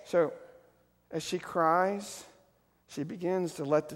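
A middle-aged male pastor preaches in a church sanctuary, his voice sitting a little high for a man. He tells his story with sweeping dynamics, pressing hard on key words, then dropping almost to a hush. A long reverb trails every phrase through the hall. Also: takes it slowly. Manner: storytelling with wide swings from loud emphasis to hushed, soft delivery. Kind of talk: sermon.

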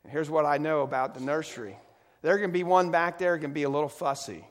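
A middle-aged male pastor preaches in a church sanctuary, his voice sitting a little high for a man. He tells his story with sweeping dynamics, pressing hard on key words, then dropping almost to a hush. A long reverb trails every phrase through the hall. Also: brisk. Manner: storytelling with wide swings from loud emphasis to hushed, soft delivery. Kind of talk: sermon.

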